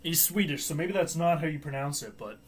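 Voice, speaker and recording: A man's voice: fairly high pitch, animated, fairly quick, a little hiss or hum. A young man hosting a live watchalong stream, chatting casually, joking and laughing at his own asides.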